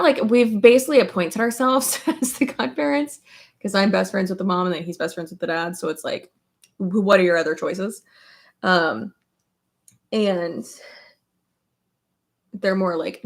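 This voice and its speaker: A woman talking on a livestream in a relaxed, rambling way, with lots of filler words as she works through her makeup. Her voice sits at a middling pitch and has a gravelly, creaky edge. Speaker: livestreaming beauty YouTuber. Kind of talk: casual chat while doing makeup.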